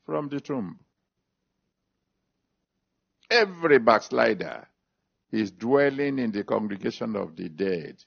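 A man preaching in a slightly high, gravelly voice. He drags out his phrases and hammers on repeated scripture references. The recording sounds dull and lo-fi. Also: expressive, normal speed. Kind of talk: sermon with altar call and prayer.

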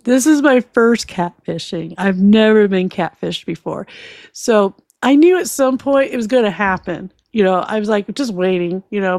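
A woman's voice: mid-range voice, vocal fry, a little mellow, no echo, clean studio sound. A woman casually telling a personal story, swearing freely, laughing often and acting out both sides of a conversation.

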